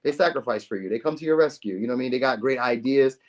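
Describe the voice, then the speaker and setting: Fast-talking man giving a casual tarot reading. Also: mid-range voice. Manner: loose and chatty, slangy, swears, acts out quoted lines. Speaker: tarot reader.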